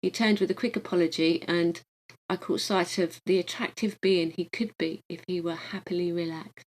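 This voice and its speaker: Gentle woman reading an audiobook. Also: on the low side, steady tone, moderate pace, rough recording. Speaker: audiobook reader. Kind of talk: reading a visionary book aloud.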